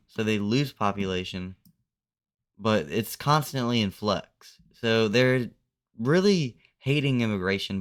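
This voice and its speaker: Male commentator, low and smooth, relaxed conversational narration of a simulation. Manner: loose, conversational, uses "like" a lot. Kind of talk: casual narration of a map simulation.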